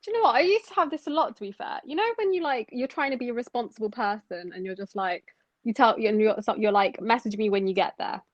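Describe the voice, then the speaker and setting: A woman's voice: a little high, dry recording. Chatty young woman, dull dry sound. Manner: chatty, animated, with halting restarts. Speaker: podcast co-host. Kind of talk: casual chat.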